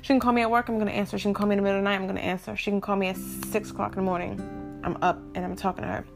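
A woman's voice: medium pitch, flat delivery, racing, vocal fry, music in the background. A young woman talking candidly to her viewers in a casual vlog, interrupted now and then by hiccups. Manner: candid, talks straight to viewers. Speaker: vlogger. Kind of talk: casual talk to camera.

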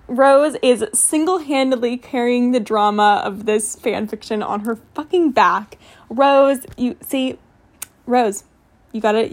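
A young woman reading fan fiction aloud with sarcastic, swearing, animated comedic asides. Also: fairly high pitch. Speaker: comedic reader.

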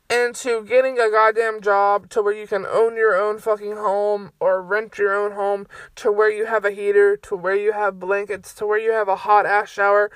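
A woman's voice: mid-range voice, fairly even intonation, normal speed, a bit bright, no room sound. A young adult woman hosting her own podcast, ranting in a heated, profane and exasperated way from a bedroom at home. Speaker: solo podcast host. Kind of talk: casual ranting monologue.

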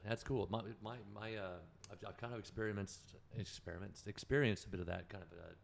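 A man's voice: on the low side, steady tone, a little fast, gravelly, slight background noise. A man telling stories as a podcast guest in casual chat, rambling, profane and correcting himself as he goes.

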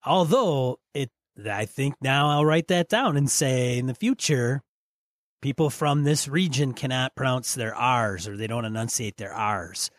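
A man with a Midwestern American accent, a podcast co-host chatting casually and in a measured way about tabletop role-play. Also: mid-range voice, no room sound, studio quality.

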